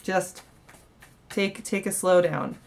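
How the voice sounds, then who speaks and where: A young woman talks through a tarot spread in a loose, chatty way, often restarting her sentences. Her voice sits a bit low for a woman. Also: slow, creaky, a little hiss or hum. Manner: chatty, warm-hearted, many fillers and restarts. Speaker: tarot reader. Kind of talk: casual monthly tarot reading.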